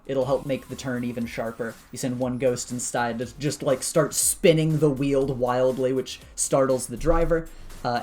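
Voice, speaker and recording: A man narrating a tabletop game as game master in a relaxed way, with many "uh" fillers. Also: mid-range voice. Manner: relaxed, lots of "uh" fillers, chuckles.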